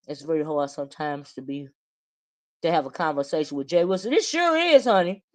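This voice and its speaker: A woman's voice: sits low, lively intonation, brisk, low-quality recording. A woman giving casual livestream commentary, chatty, often tagging "right?" and calling viewers honey.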